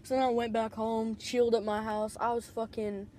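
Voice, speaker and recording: A woman with a slightly high, mellow voice tells a loose, wandering story straight into a tablet. She leans on "like" constantly and swears without a second thought. The sound is close and plain. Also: flat delivery, moderate pace, slight background noise. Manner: rambling, constant "like" fillers, swears freely. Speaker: vlogger. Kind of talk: casual storytelling.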